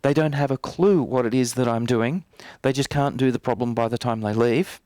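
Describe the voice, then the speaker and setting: A man's voice: medium pitch, moderate pace, a little mellow, no room sound. Trainer type, male, playful and teasing, dry close sound. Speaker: NLP trainer. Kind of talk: live workshop demonstration. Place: training room.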